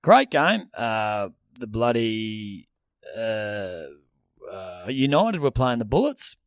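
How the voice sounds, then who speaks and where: A man's voice: lowish voice, sing-song, slow pace, no room sound, studio quality. An Australian man co-hosting a podcast, ranting in a casual, profane chat. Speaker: podcast co-host.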